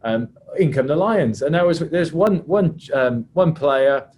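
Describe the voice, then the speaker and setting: A man, a rugby referee, telling anecdotes in a chatty, halting way on a video call. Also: a little high, lively intonation, darkish tone, a little hiss or hum. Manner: chatty, hesitant with many restarts. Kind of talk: anecdotal storytelling on a webinar.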